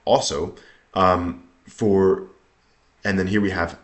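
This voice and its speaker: A man reading aloud from an old text and explaining it line by line, halting often with ums and self-corrections. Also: low-pitched. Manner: reads the old text more loudly than his explanations. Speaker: language teacher reading aloud. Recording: echoey room.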